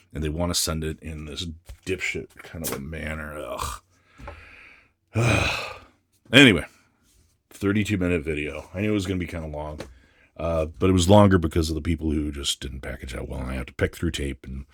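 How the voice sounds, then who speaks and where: In a casual unboxing vlog, a man opens comics while grumbling and swearing through an exasperated rant. His voice is low-pitched, and the dry recording is studio quality.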